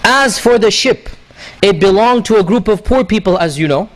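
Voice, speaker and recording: A man preaching, retelling a story with animated delivery and frequent rhetorical questions. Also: sits high, normal speed. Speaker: religious teacher. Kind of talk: sermon storytelling.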